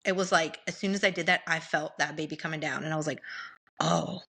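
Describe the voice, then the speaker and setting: Young woman, bright voice, lively podcast storyteller who laughs easily. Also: low voice, fast talker.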